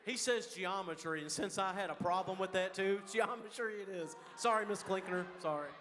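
A man's voice: high voice, moderate pace, sharp tone, a little hiss or hum. A man with a Texan accent answers student questions in a casual, joking, folksy way during a school chapel. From Texas. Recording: reverberant chapel hall.

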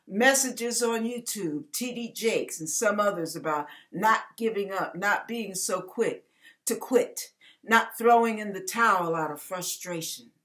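A woman's voice: a little high, a bit bright. A woman pastor reading scripture and preaching, confiding her own struggles with rising emotion. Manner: personal, confiding talk about her struggles.

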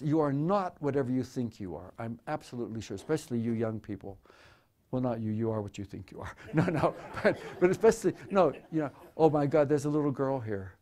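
A man in his eighties, a photographer, speaks with a warm, mid-range voice in a museum auditorium. He answers audience questions during a live talk, rambling and joking irreverently. He often stammers and restarts his sentences.

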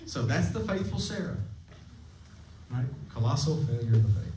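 A man's voice: medium pitch, expressive, normal speed, pauses often, mellow, slight background noise. Guy preaching at camp chapel, kinda jokey, asks the kids stuff, echoey room, mic a bit far off. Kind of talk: casual sermon to middle schoolers.

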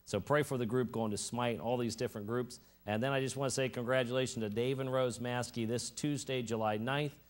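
Pastor guy preaching, gets louder and higher when he stresses a point, church service. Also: steady tone, brisk, hardly any pauses. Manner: announcements and prayer, then emphatic preaching that rises in pitch and loudness. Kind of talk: sermon.

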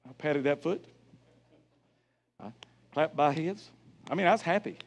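A middle-aged man preaching an evangelistic sermon as a guest evangelist in a church, telling stories with emphasis and building to loud exclamations. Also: on the high side, a little slow. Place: church sanctuary.

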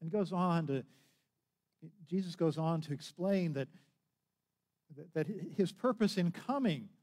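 A male pastor preaches in a loose, storytelling way, often restarting his sentences. His pitch sits a bit high for a man and swings widely as he acts out each moment. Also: expressive, a little slow, darkish tone. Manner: conversational storytelling with restarts and acted quotes. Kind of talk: sermon.

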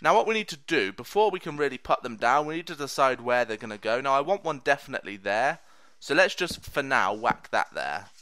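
A chatty man gives gameplay commentary in a playful, mock-boastful tone. His pitch swings widely and his voice is bright and forward. The recording is close and dry. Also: big pitch swings, fairly quick, no echo. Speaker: let's play host.

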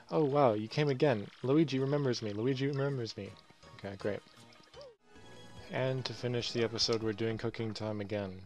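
A man casually commentating his video game playthrough with relaxed, wry asides. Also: lowish voice. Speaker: video game let's player.

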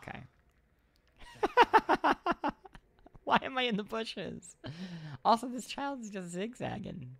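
A man's voice: high voice, sing-song, takes it slowly, gravelly, long pauses, a bit bright, no echo. A man casually chatting and joking while playing a video game, sometimes reading game lines aloud. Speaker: game show host. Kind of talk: casual gameplay chat.

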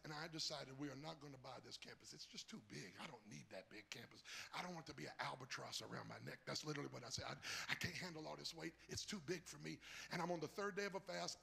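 Bishop, male, high bright gravelly voice, husky, storytelling that climbs to shouting. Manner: rises from low storytelling to shouted, high-pitched preaching. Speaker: bishop, guest preacher. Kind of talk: sermon storytelling building to shouted preaching.

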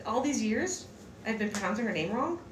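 Expressive and a little fast, her fairly high voice is far from the mic with slight background noise, sounding off-mic in an echoey home room. She gives an easygoing hand-lettering lesson, chatty and rambling, with lots of fillers and restarts.

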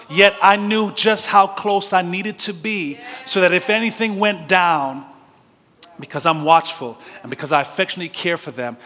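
Pastor: male, slightly high, forceful bright tone, animated storytelling sermon. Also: long reverb tail. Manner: animated storytelling with laughs and direct questions to the congregation. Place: church sanctuary.

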